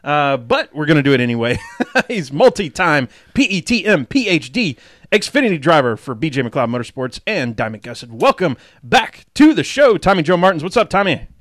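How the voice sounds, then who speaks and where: A man's voice: on the high side, big pitch swings, moderate pace, fairly bright tone, no echo. A man hosting a casual podcast from a studio. He is upbeat, a little out of breath, laughs often and says "y'all". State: a bit out of breath. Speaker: podcast host. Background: music playing.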